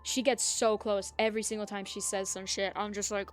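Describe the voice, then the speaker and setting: A woman's voice: mid-range voice, steady tone, fairly quick, clear, resonant tone. Young woman streamer ranting about work, tons of "like", swears a lot, faint music behind. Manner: venting, swears often, many "like" fillers. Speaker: gaming streamer. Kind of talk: casual chat while playing.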